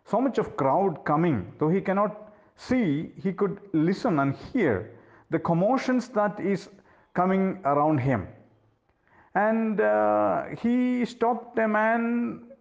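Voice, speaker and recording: Male preacher, sermon storytelling, rhetorical questions, slow deliberate pace, lively pitch. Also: muffled recording.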